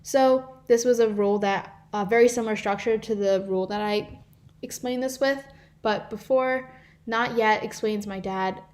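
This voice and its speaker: A woman's voice: a little high, normal speed, a little mellow. A teenage girl teaching a live online grammar lesson as a volunteer tutor, explaining rules and reading example sentences aloud. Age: teens.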